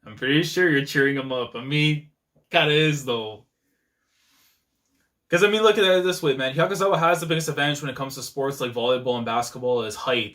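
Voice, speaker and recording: A man's voice: medium pitch, a bit bright. A young man giving casual live reaction commentary while watching anime. He laughs often and throws in slangy asides.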